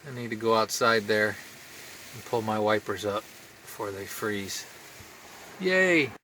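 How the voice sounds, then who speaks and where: A man's voice: on the low side, level tone, moderate pace, sharp tone, a little hiss or hum. A man chatting casually in a cooking vlog from inside his RV, upbeat and laughing often. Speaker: RV vlogger.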